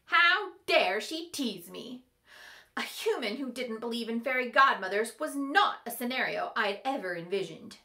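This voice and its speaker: A woman reading a first-person fantasy novel aloud, with expressive, playful narration. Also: on the high side, measured pace. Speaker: storyteller.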